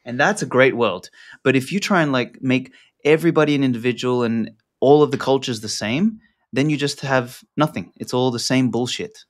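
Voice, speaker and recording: A man's voice: mid-range voice, normal speed. A man talking as an interview guest, loose and rambling, with lots of fillers and casual swearing. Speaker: podcast guest.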